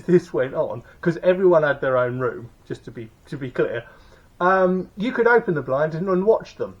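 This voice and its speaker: A man's voice: on the high side, expressive, moderate pace, breathy edge. A man recounting a motorcycle tour in a casual, rambling way, full of fillers and restarts. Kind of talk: casual spoken recap. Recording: dull lo-fi recording.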